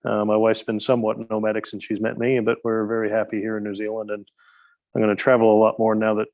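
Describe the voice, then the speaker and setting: A middle-aged man, talking as a podcast guest. His voice sits low and barely moves in pitch. He rambles and hesitates, leaning on lots of ums and uhs. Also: completely flat delivery, fast, vocal fry, a little mellow. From Newfoundland, Canada. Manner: rambling, hesitant, many fillers. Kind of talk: casual interview chat.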